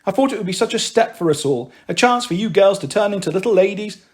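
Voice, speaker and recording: Man doing harried exasperated mother, high voice, lively swooping pitch, storybook reading. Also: fast talker. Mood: weary. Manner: scolding, exasperated. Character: harried, emotional working-class mother. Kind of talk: audiobook reading.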